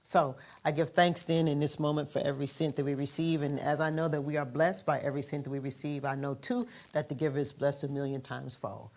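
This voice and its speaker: A woman minister leading a congregation in affirmations and an offering prayer, in a calm, measured manner. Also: low voice.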